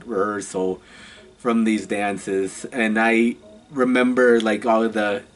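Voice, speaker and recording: A man in his twenties telling stories in a casual vlog, chatty and halting, often laughing between phrases. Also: on the low side. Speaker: vlogger.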